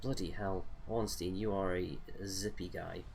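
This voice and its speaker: A young man with an English accent chats loosely while he plays, wandering between thoughts with plenty of ums and uhs. His voice sits low and deep. A faint background hiss runs under the recording. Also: fairly even intonation, a little slow, vocal fry, darkish tone. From England. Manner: rambling, hesitant, many fillers. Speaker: gaming streamer. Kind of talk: casual chat while playing a game.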